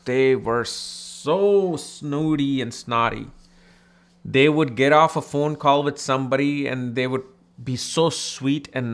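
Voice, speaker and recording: Guy from india chatting through an astrology lesson, mid pitch, lively, does little voices. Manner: animated, conversational, mimics people in anecdotes. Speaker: astrology teacher.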